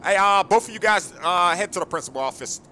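A man playing a teacher in a game role-play, hesitant and full of pauses and restarts. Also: high-pitched, lively intonation, sharp tone, a little hiss or hum.

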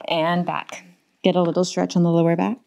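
A woman's voice: fairly low pitch, little pitch movement, fairly quick, creaky, a little mellow. Encouraging woman cueing a workout. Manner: upbeat, encouraging, counts reps aloud. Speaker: pilates and barre instructor. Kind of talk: cueing a home workout class. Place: home workout space. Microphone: lapel mic pack.

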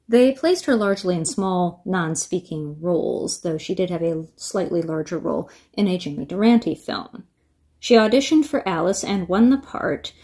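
A woman's voice: medium pitch, darkish tone. Earnest, chatty woman video host. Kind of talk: casual to-camera commentary.

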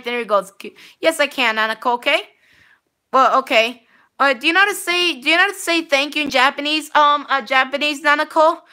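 A bright, sharp-toned woman streaming a game live and chatting to her viewers. Her voice sits fairly high. She rambles on, repeats words and trips over herself with many restarts and fillers. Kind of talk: live gameplay streaming chat.

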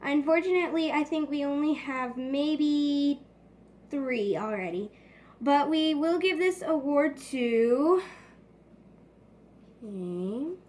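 High-voiced woman announcing toy awards. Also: animated, takes it slowly, long pauses, a little mellow. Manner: casual, hesitant, clears throat. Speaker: host of a toy pet award show.

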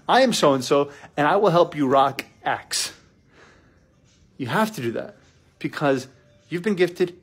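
A middle-aged man, a business coach, talking in a casual live vlog, energetic and preachy, repeating himself and calling the listener "dude". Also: medium pitch, slightly rough.

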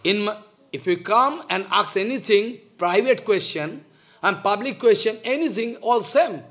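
A man's voice: high voice, expressive, measured pace, a bit bright. Impassioned older man scolding in a lecture. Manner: impassioned, scolding, repeats rhetorical questions. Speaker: spiritual teacher. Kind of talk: devotional lecture.

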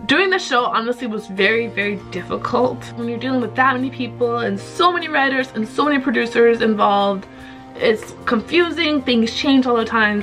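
A woman vlogger tells a story straight to her camera in a chatty, animated way, laughing often. Her voice sits fairly high, with soft music playing faintly underneath. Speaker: YouTuber vlogger.

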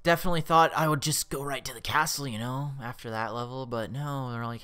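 A man's voice: mid-range voice, brisk, clear, resonant tone. A young man commentating his own gameplay, swearing a lot and yelping when the game startles him. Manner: excitable, swears often, yelps when startled. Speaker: let's play host.

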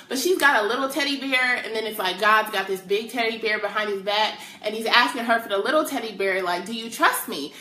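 A young adult woman sharing a personal faith testimony with excited emphasis and casual slang. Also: high voice. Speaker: testimony speaker. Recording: echoey room.

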